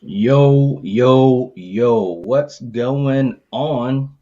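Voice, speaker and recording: A man's voice: mid-range voice, extremely slow, dark tone, dry recording, dull audio. A man hosting a casual horror podcast, laid-back and chatty, with many fillers and friendly asides. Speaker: podcast host.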